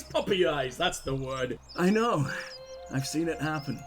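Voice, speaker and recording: A man's voice: a little high, lively intonation, unhurried, music in the background. A man giving let's-play commentary as a streamer, crude, joking and sarcastic. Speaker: streamer playing a video game.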